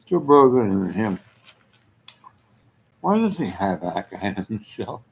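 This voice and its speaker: A man's voice: on the low side, very animated, slow, gravelly, a little mellow, a little hiss or hum, poor audio. A man giving a rambling casual monologue, trailing off mid-thought and chuckling often.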